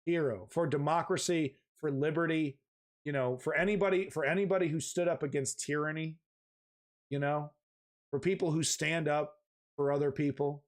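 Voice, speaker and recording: A man's voice: a little high, steady tone, moderate pace. Man rambling through live news commentary. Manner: rambling, repetitive restarts, emphatic and profane. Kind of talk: casual live-stream commentary.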